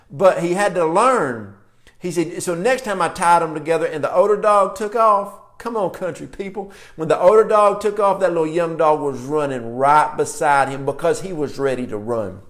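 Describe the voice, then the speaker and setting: A middle-aged man preaching a sermon in a forceful, folksy country manner, telling stories from his ministry. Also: a little high. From rural American. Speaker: apostle and preacher.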